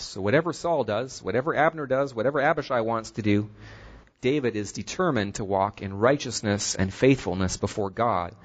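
A man's voice: on the low side, moderate pace. Earnest man preaching a sermon. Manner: earnest, retells scripture with acted quotes.

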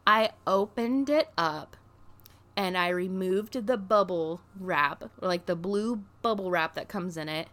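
A woman vlogger telling a story in a casual, chatty way, full of "like" fillers and excited gushing. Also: lowish voice, a little slow. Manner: chatty, filler-heavy with constant "like".

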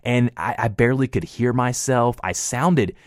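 A man's voice: mid-range voice, normal speed, no room sound, clean studio sound. A man with a light Southern US accent hosting a podcast interview, talking in a friendly, rambling way. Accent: Southern US, toned down. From American South. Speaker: podcast host.

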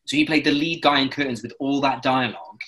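A man from London with a British accent, a guest chatting casually and telling rambling, lively anecdotes with tangents. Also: medium pitch, fast talker, low-quality recording. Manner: lively storyteller who acts out other people's voices in his anecdotes; rambling, with frequent restarts and tangents. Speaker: guest, musical theatre actor.

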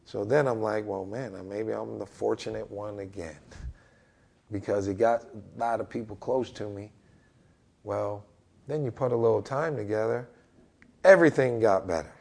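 A man's voice: on the low side, moderate pace, vocal fry, darkish tone. A middle-aged man and basketball coach telling his own story as a podcast guest, acting out what other people said. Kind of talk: candid storytelling in a podcast interview.

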